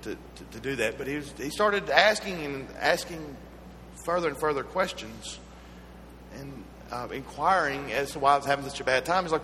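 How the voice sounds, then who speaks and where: A Southern American man preaching a sermon in a bright, forceful voice. He moves between earnest teaching and personal stories told with gentle humor. His voice rings through a hall with a long echo and a faint hum behind it. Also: medium pitch, expressive, moderate pace. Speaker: pastor.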